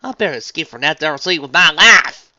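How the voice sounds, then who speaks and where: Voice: mid-range voice, lively intonation, fairly quick, bright, forceful tone, a little hiss or hum, voice pushed up. A reader voicing a stubborn, plainspoken country farm pony mare with a folksy drawl, on a dull lo-fi recording. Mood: insistent. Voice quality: folksy southern-style drawl.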